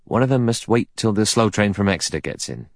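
Soft, deferential Devon cabbie, from a male reader, low voice. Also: animated, brisk, vocal fry, no room sound, clean studio sound. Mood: polite. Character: male Devon taxi driver, polite and deferential.

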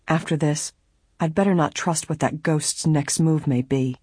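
A reader voicing an earnest young woman detective, anxious but steady, in a husky voice. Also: low voice, a little slow, no room sound, clean studio sound. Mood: regretful.

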